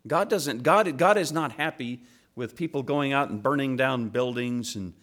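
A man, a father, preaching a sermon to children, swinging from loud impassioned rises to quiet earnest asides. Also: mid-range voice, normal speed. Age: adult with children. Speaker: pastor.

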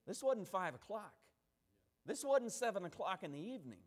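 Preacher, male, high pitch; emphatic sermon delivery, repeats lines for weight. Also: big pitch swings, moderate pace. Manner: emphatic, repeating and restarting phrases, acting out quotes.

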